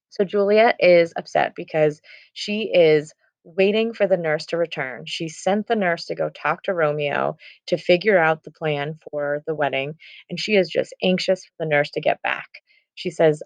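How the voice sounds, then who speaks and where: A woman's voice: low-pitched, moderate pace, gravelly, dry recording. A young woman teaching, retelling a play scene casually with lots of "like" and "um". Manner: casual retelling with many "like" and "um" fillers. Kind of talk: casual lesson summary. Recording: dull, muffled recording.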